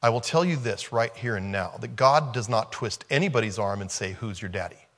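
A man's voice: medium pitch, animated, fairly quick. A man preaching a conversational sermon, retelling a film scene and repeating rhetorical questions.

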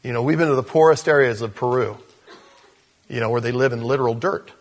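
Husky-voiced man preaching conversationally. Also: medium pitch, brisk. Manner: conversational preaching with asides and self-interruptions. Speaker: pastor. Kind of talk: sermon.

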